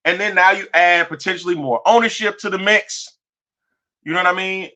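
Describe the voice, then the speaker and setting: A man co-hosting a casual sports talk show, loose and rambling with quick restarts. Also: high-pitched, sharp tone. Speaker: podcast co-host. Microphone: studio microphone.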